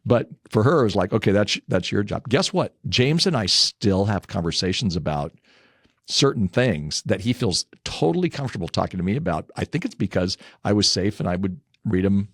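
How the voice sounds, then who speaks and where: A man's voice: fairly low pitch, lively intonation, moderate pace, no echo, studio quality. An older man, a guest in an interview, chatting through anecdotes about his family and laughing as he tells them. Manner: chatty, anecdotal, laughs while telling stories. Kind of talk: casual interview storytelling.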